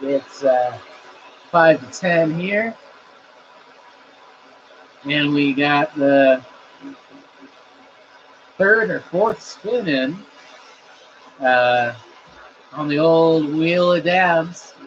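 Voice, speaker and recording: Casual male streamer, slow and laid-back, muffled lo-fi home audio. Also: fairly high pitch. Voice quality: laid-back, swears casually, coughs between sentences. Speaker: live streamer. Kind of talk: casual live-stream chat. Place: at home with his cats. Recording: dull lo-fi stream audio, faint room hiss.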